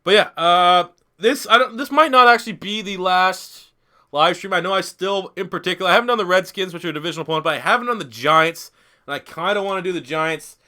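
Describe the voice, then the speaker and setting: This fast-talking man's voice sits high and comes out pushed and bright. He's a gaming YouTuber in his twenties, a bit tipsy from beer, streaming a football video game with rambling, profane, jokey live commentary.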